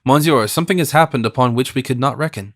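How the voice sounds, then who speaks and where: A man reads the part of a fawning middle-aged innkeeper in an audiobook, talking in long, deferential phrases. His voice stays mid-pitched and plain, close to the narration. The sound is dry, with no room around it. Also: quick pace, a bit bright, no echo, natural voice. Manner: deferential, rambling, ingratiating.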